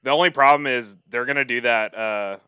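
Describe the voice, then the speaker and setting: A man's voice: mid-range voice, a little fast, pushed and bright, clean tone, no room sound, studio quality. A man on a podcast talking casually, rambling and hesitant with lots of ums. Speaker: podcast co-host. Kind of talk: casual chat.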